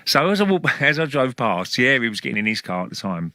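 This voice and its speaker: Middle-aged man, casual anecdote teller, dry close sound, mid pitch. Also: sing-song, fast talker, bright, forceful tone, dry recording. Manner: chatty storyteller, laughs between stories. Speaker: former footballer telling stories.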